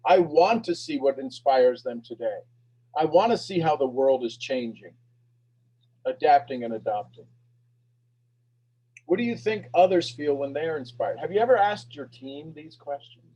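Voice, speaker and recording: A man hosting a live motivational talk, energetic and preachy, repeating questions and swinging between loud bursts and hushed lines. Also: fairly high pitch, normal speed, slightly rough, low-quality recording. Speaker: host of a motivational talk show.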